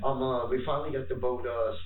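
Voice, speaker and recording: A man being interviewed by police, talking haltingly with many fillers. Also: medium pitch, fairly even intonation. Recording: echoey room, distant mic, faint noise.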